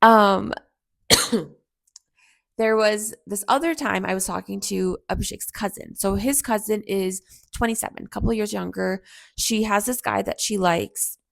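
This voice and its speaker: A woman's voice: mid-range voice, unhurried, gravelly, no echo. A woman in her thirties hosting a podcast, chatting reflectively through a personal story and acting out the people in it. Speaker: podcast host.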